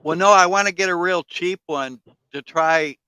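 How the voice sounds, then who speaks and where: A man's voice: high-pitched, normal speed, sharp tone, smooth, poor audio. A man in casual chat, telling rambling stories with fillers, swearing and frequent laughter.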